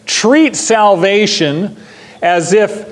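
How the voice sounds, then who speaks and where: Older male pastor, sermon, emphatic and repetitive, high voice with long room reverb. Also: expressive, extremely slow. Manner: emphatic, repeats key phrases, asks the class questions. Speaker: pastor teaching a Bible class.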